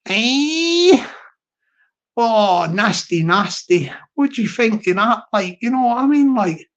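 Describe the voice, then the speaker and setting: A man's voice: high-pitched, moderate pace. A man from the UK with a British accent, hosting a live stream in rambling banter, repeating phrases and chuckling often. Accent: British English. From United Kingdom. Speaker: livestream host. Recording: dull lo-fi stream audio.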